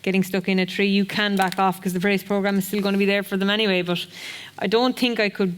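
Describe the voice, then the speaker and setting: A woman's voice: mid-range voice, fairly even intonation, fast, slight background noise. A woman speaking on a seminar panel, frank and putting questions to the room.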